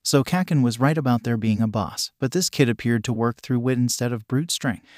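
A man's voice: mid-range voice, a little fast, darkish tone, no room sound. Man narrating a fan story, dry sound. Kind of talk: fan fiction reading.

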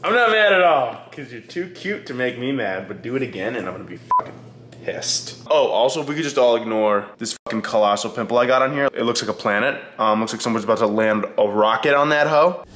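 A young man chatting casually to his vlog audience at home, excitable and profane, scolding his dog. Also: mid-range voice, quick pace, echoey room, very noisy. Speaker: vlogger. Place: indoors, home kitchen.

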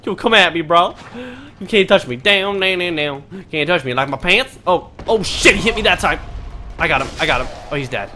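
Excitable young man swearing through a game. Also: high voice, normal speed, a little hiss or hum. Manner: excitable, swearing, trash-talking, panicky yelps. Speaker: gaming commentator. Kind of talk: let's play commentary.

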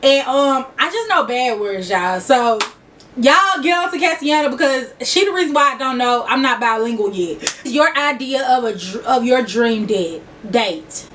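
Young woman, memphis accent, high voice, giggly and chatty, mic a bit far off. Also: expressive, moderate pace, a bit bright, a little hiss or hum. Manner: chatty, giggly, talks straight to viewers. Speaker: vlogger. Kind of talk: casual get-to-know-me chat.

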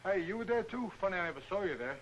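An actor playing a cheerful, dim-witted boxer who rambles earnest slangy nonsense, in 1940s film comedy acting. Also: male voice, sits high, lively intonation, rapid-fire, fairly bright tone, a little hiss or hum, low-quality recording.

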